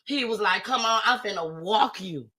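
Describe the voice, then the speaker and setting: Bright, animated woman telling a story. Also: mid-range voice, normal speed, husky. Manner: animated storytelling, acting out her own panicked cries. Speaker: storyteller guest. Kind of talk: casual live-stream chat.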